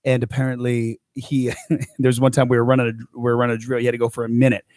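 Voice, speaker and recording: A man's voice: medium pitch, monotone, fast talker, darkish tone, no room sound. Rambling storytelling man, dry close mic. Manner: rambling storyteller with many restarts and fillers. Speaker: podcast co-host, coach. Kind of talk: casual chat.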